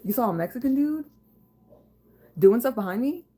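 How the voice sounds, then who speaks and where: A woman's voice: a little high, animated, normal speed, mellow, husky. A woman hosting a casual livestream from her home kitchen, reading viewer comments, chatting loosely with lots of fillers and swearing. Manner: casual and profane, laughing, chatty with frequent fillers. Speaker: livestream host.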